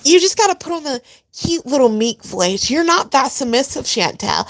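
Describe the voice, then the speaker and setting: A woman's voice: high-pitched, sing-song, normal speed. A woman giving blunt, profane, mocking reaction commentary on a video. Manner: mocking, blunt, swears often.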